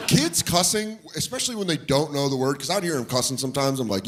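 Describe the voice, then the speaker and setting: A man's voice: mid-range voice, quick pace. A man doing stand-up comedy, telling a story and acting out the people in it. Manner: animated, acts out voices of people in his stories. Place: comedy club stage with audience laughter. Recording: live club recording with audience noise.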